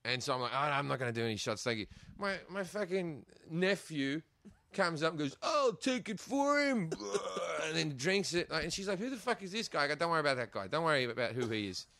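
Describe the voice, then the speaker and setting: A middle-aged Australian comedian telling stories in a casual chat, animated and quick to laugh, acting out other people's lines. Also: male voice, a little high, no echo. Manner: animated, acts out quotes in put-on voices, laughs often. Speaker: guest comedian. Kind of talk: casual storytelling.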